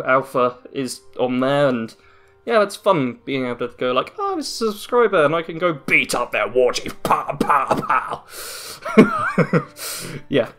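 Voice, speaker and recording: A young YouTuber gives a casual end-of-year channel update from a dim room at home after a work shift, rambling and making self-deprecating jokes and asides. His voice is fairly high and a bit bright.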